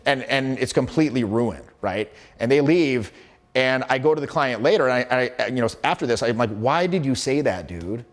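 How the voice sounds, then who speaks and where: Man in his 40s, social skills coach, blunt and quick, mid-pitched voice, casual teaching to camera. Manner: brisk, storytelling with acted quotes and swearing.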